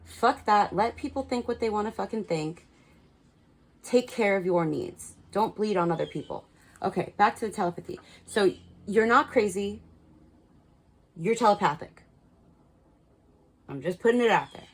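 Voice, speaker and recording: A woman's voice: medium pitch, expressive, moderate pace, long pauses, husky, low-quality recording. A woman reading cards and giving frank spiritual advice to her viewers, swearing freely and repeating words for emphasis. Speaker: tarot card reader. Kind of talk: casual spiritual guidance to camera.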